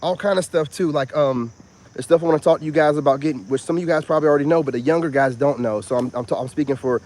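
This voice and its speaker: Animated rambling self-help man. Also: on the high side, rapid-fire. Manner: animated, rambling, repeats "you know what I'm saying". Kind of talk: casual vlog monologue.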